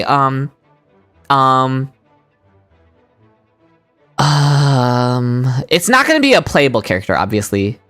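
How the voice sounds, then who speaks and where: A woman streaming a game, chatting excitedly and voicing the characters' lines herself. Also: on the low side. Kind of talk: game stream, reading dialogue aloud.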